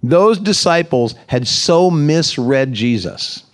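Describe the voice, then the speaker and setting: A man's voice: a little high, lively intonation, takes it slowly. A man preaching a sermon in a conversational way, asking his congregation questions as he reads and explains the passage. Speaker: pastor. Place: church service.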